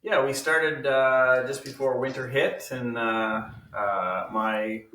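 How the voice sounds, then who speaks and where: A man's voice: medium pitch, steady tone, slow pace, pushed and bright. A man in a band, easygoing and telling stories casually from a basement studio. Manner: easygoing storyteller. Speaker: band member guest. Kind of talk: casual chat. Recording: roomy, distant mic, faint noise.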